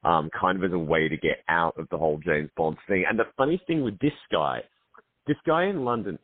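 Australian director, middle-aged, chatty with restarts; phone-quality, dead dry sound. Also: male voice, deep voice, lively intonation, a little fast, dry recording. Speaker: film director guest. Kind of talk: casual interview over a call. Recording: tinny phone-like line, dry.

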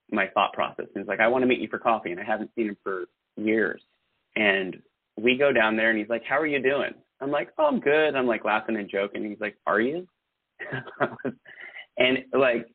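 Guest host, male, mid-pitched, earnest and rambling; tinny phone-line sound. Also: no echo. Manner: earnest, rambling with filler words and restarts. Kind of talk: casual podcast chat.

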